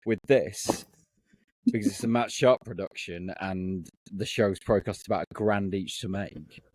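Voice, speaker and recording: A man's voice: fairly low pitch, normal speed, darkish tone, no room sound. Blunt, sweary British man. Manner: blunt, sweary, self-correcting. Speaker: podcast co-host. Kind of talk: casual chat.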